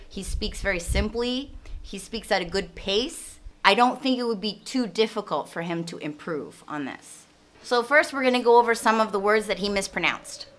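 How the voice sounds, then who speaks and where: A woman's voice: medium pitch, sharp tone. A woman, hosting a chatty commentary on pronunciation and mixing in Indonesian words. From Canada. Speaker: host. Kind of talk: casual commentary on English pronunciation.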